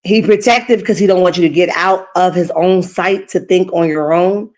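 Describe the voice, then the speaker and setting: A woman's voice: on the low side, moderate pace, darkish tone. Emphatic woman streamer giving commentary. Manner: emphatic, tags lines with "okay?". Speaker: reaction stream host. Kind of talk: casual commentary. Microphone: streaming setup.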